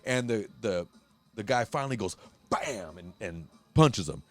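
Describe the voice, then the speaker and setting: Dude hosting a chill podcast, cusses a lot, gets really animated when he tells stories. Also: lowish voice, moderate pace. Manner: profane, animated storytelling with acted-out quotes. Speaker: host. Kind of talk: casual podcast chat. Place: Huntington Beach, California.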